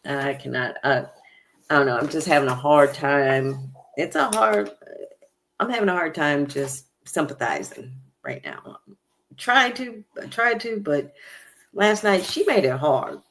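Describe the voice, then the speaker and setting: A woman's voice: sits low, animated, unhurried, fairly bright tone, a little hiss or hum. A woman hosting a casual reality TV recap, chatty and opinionated, with many fillers. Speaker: recap show host.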